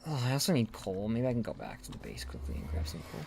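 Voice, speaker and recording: A man's voice: fairly low pitch, wildly swooping pitch, quick pace, vocal fry, noisy background. A young man from the United States chatting casually while streaming a game, rambling and swearing freely. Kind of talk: casual live-stream chat while gaming. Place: indoors, room by a hallway.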